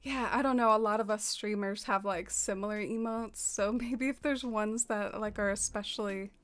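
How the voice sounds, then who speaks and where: A soft-spoken woman streaming and chatting casually with her viewers. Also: mid-range voice, fairly even intonation, moderate pace. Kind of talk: casual livestream chat.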